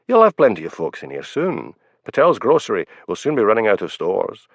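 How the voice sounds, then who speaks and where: Man doing a wry Highland policeman. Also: huge pitch swings, fairly quick, no room sound, full character voice. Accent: Scottish Highland. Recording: dull lo-fi, dry.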